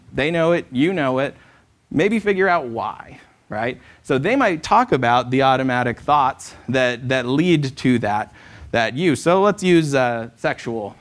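Conversational man with repeated "right?". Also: medium pitch. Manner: conversational, keeps asking "right?". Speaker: therapist speaking at a church. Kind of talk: church talk with Q&A. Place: church hall.

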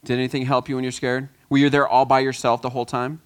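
A man giving a lively children's sermon, coaxing the kids to answer and join in. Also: mid-range voice, fast, clean tone. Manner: lively, coaxing, quotes film lines with voices. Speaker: children's pastor.

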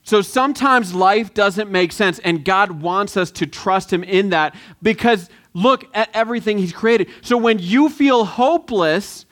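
Speaking in a high, slightly bright male voice, a pastor delivers his sermon casually, stopping and restarting often and asking the room questions.

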